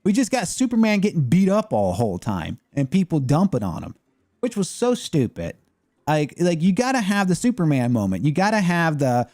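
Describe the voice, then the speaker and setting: A man's voice: a little high, wildly swooping pitch, normal speed, darkish tone, no room sound, clean studio sound. A man chatting casually as a gaming streamer, rambling and opinionated with lots of fillers. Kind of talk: casual chat.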